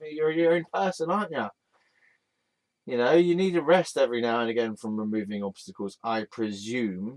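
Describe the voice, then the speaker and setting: A man talking to camera in a loose, meandering monologue. He jokes around and addresses a wall hanging as though it could answer. His voice sits at an ordinary middle pitch for a man. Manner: playful, joking, talks aloud to an image of a deity. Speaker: vlog host. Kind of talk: casual rambling monologue.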